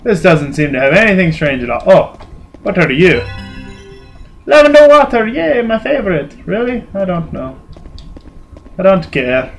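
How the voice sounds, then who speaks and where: A young man commenting on a video game he is playing, swearing and yelling at it in an irritable mood. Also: high voice, measured pace, creaky, long pauses, soft background music. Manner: excitable, swearing, shouting at the game. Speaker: gaming channel host. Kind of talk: casual let's-play commentary.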